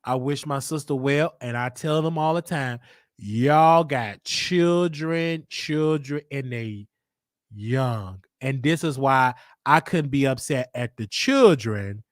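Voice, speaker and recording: Recorded dry in a clean studio, a show host from Chicago speaks in a mid-range, slightly bright voice. He shares a personal story casually and with emphasis, repeating lines to drive the point home.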